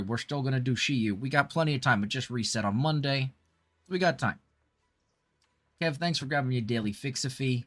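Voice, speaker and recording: A man's voice: medium pitch, fairly bright tone. A man livestreaming a game, chatting with viewers and thanking them while putting on a celebrity impression accent. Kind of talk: casual livestream chat while gaming.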